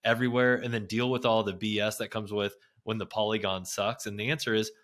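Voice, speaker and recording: Brief: male podcast host, somewhat low voice, casual and jokey, fires off rhetorical questions. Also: level tone, a little fast, a bit bright. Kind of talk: casual interview talk.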